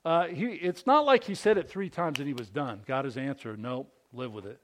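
A man preaching a sermon, reading scripture and acting out quotes with rising, pleading intensity. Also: brisk. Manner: animated preaching, climbs high and loud on quotes. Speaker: pastor.

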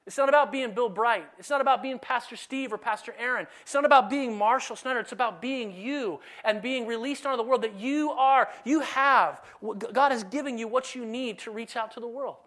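A man preaching a sermon in a conversational, animated way, now and then dropping to a soft, low delivery. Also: fairly quick, hardly any pauses. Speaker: pastor.

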